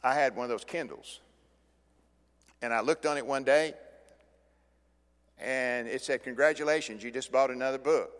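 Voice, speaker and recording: Older male pastor, sermon delivery, dynamic swings from quiet to booming, long church reverb. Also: normal speed, pauses often. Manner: dramatic swings from hushed to loud. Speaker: preacher.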